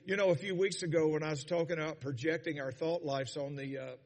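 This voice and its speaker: A man's voice: on the high side, steady tone, quick pace, hardly any pauses. A man preaching a sermon as pastor, calling on the congregation to answer back. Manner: rising to fervent shouting, calls for congregation responses. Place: church sanctuary. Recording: long church hall reverb.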